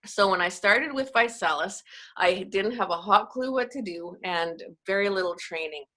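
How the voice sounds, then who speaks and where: On a video call, a Canadian network marketing coach chats casually, telling self-mocking stories. Her medium-pitched voice is bright and forceful at a moderate pace.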